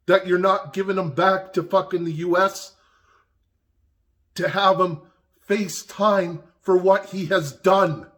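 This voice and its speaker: A man's voice: high voice, a bit bright. A man ranting angrily in a vlog recorded in his garage, swearing constantly and raising his voice in indignation. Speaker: vlogger. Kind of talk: angry personal rant. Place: home garage.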